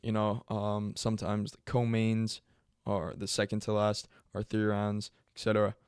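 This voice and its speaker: A man's voice: fairly low pitch, monotone, moderate pace, a little mellow, smooth, no room sound, clean studio sound. A man explaining a sport casually, rambling and often correcting himself mid-sentence. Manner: rambling, self-correcting, filler-heavy. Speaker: MMA video host.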